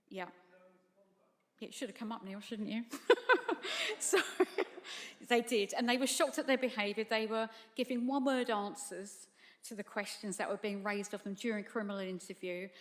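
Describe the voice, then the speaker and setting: A middle-aged woman gives testimony about her son's death at a public tribunal, halting and apologetic, her voice breaking at times. Her voice sits in a middle range. It rings out in a large hall with a long reverb. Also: medium pitch, steady tone. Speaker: bereaved mother giving testimony.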